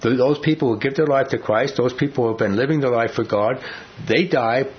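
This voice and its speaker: Through a dull lo-fi recording, a man with a medium-pitched voice speaks fairly quickly as he leads an informal Bible study. He keeps it conversational, uses lots of fillers and regularly puts questions to the class.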